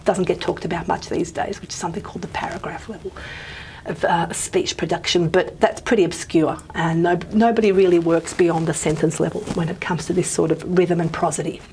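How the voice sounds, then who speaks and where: Woman lecturer, relaxed and chatty, keeps asking "okay?", faint hiss behind. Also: fairly low pitch, a little fast. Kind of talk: phonetics lecture.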